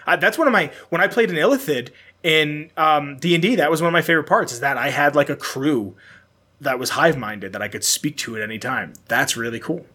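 A man from Pennsylvania co-hosting a casual gaming podcast, animated and prone to ranting with rapid questions and swearing. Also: on the high side, husky. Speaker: podcast co-host.

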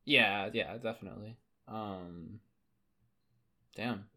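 A young man co-hosting a casual podcast, halting and trailing off, with many "um"s and "uh"s. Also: fairly low pitch, pushed and bright. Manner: hesitant, trailing off, laughing easily. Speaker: podcast co-host.

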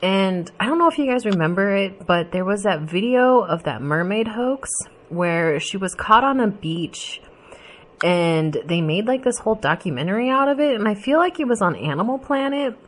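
A woman's voice: medium pitch, animated, moderate pace. A woman reflecting casually and thoughtfully on a story she has heard. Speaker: commentator.

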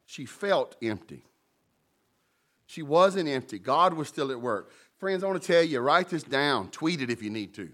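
A man preaching a sermon, animated and humorous, with sudden jumps in pitch. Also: moderate pace. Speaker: pastor.

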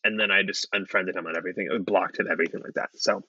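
Animated, profane man telling stories. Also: low-pitched, very fast, breathy edge, no echo, muffled recording. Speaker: podcast guest. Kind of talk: casual storytelling chat.

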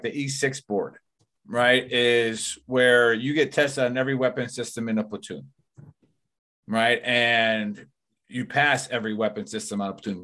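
A man's voice: medium pitch, sharp tone. A man hosting a podcast in casual chat, rambling and profane, leaning on "like" and "you know". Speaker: podcast host.

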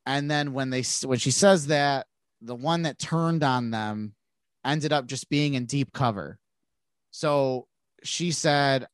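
A man with a nasal voice chats casually about comic books as a podcast co-host. He rambles, restarts sentences and fills gaps with "you know" and "um". His voice is mid-pitched and sits dry and close to the mic. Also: slow, smooth, dry recording. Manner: rambling, many restarts and fillers. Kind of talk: casual comic book chat.

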